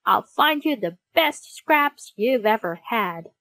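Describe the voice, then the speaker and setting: A woman voicing a friendly, cheerful male French bulldog in a children's storybook, with bright, eager, sing-song lines. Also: fairly high pitch, lively intonation, takes it slowly, no room sound, full character voice.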